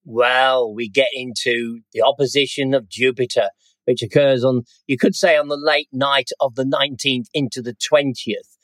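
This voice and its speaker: A man's voice: medium pitch, steady tone, normal speed, fairly bright tone, no room sound. A middle-aged man chatting about the night sky as a podcast co-host, rambling and tossing in "sort of thing". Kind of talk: casual chat.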